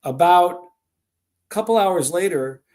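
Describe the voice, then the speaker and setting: A man's voice: high-pitched, lively intonation, takes it slowly, darkish tone. A man hosting a live stream, rambling through stories and chatting with viewers. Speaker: livestream host. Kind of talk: casual live stream chat.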